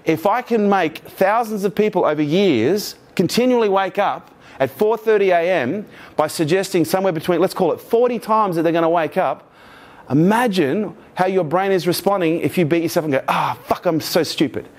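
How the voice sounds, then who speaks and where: A middle-aged man giving a keynote talk to a live team, energetic and profane, joking and asking the room questions. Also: high-pitched, normal speed. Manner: energetic, profane, jokey, asks the audience questions. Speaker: keynote speaker. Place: event room with live audience.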